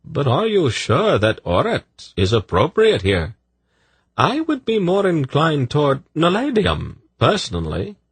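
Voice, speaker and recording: A man's voice: on the high side, wildly swooping pitch, a little slow, slightly rough, no room sound, pitched above the performer's own voice, heavily acted. A man voicing a polite, deferential eunuch courtier with a silky manner. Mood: courteous.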